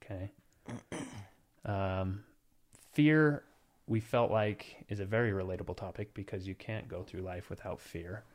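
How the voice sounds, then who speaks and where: A man's voice: low-pitched, a little slow, darkish tone. A man in his thirties hosting a casual podcast chat, teasing and joking as he talks. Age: 30s. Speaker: podcast host.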